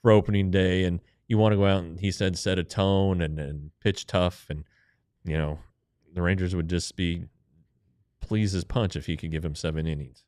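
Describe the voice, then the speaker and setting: A man with a very low, deep voice chats loosely about baseball, trailing into fillers and restarts. The sound is dry and close, with no room echo. He has the easy tone of a podcast co-host. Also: steady tone, moderate pace, a little mellow. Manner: conversational, rambling with fillers. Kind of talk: casual sports podcast chat.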